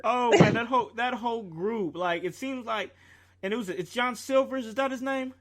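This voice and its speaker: A man co-hosting a casual podcast, chiming in with quick agreements and bursts of laughter. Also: extremely high pitch. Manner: chimes in with short agreements and loud laughter. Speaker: podcast co-host. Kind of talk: casual chat.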